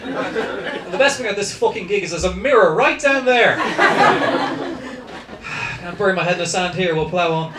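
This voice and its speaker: Posh Dublin comedian in an echoey club. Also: male voice, high voice, lively intonation, measured pace, pauses often. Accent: South Dublin Irish. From South County Dublin, Ireland. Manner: dry, self-mocking crowd work. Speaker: stand-up comedian. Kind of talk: stand-up set. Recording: echoey club from far off, noisy. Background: audience laughter.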